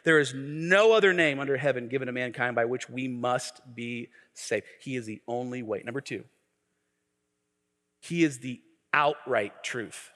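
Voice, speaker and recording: Animated preaching pastor in a reverberant hall. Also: male voice, medium pitch, normal speed, few pauses. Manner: animated preaching with humor and acted quotes. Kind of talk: sermon. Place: church sanctuary.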